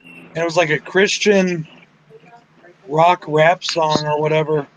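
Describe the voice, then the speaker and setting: A man's voice: on the high side, fairly even intonation, unhurried, dull audio, noisy background. A man hosting a casual group chat online, laid-back and swearing casually. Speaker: host.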